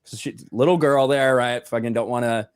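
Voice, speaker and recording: An American man telling an indignant, profanity-heavy story as a show co-host, loud and animated. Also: mid-range voice, moderate pace, clear, resonant tone. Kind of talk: profane ranting anecdote.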